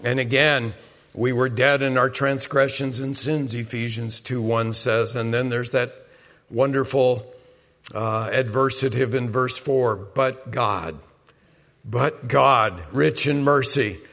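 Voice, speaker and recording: A man's voice: fairly even intonation, slow pace. Man preaching in a reverberant hall. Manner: earnest, rises on key points and drops soft and low for appeals. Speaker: pastor. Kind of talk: sermon.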